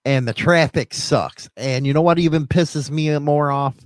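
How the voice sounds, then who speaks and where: A man's voice: on the high side, unhurried, no echo, studio quality. A man co-hosting a podcast in casual chat, crude, profane and joking. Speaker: podcast co-host.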